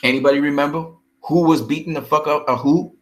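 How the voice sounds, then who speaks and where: A boxing vlogger with a slightly higher-pitched voice rants heatedly about a fight, swearing hard and hurling insults. In blunt, confrontational commentary, he fires questions at his critics, talking a little fast with fairly even intonation.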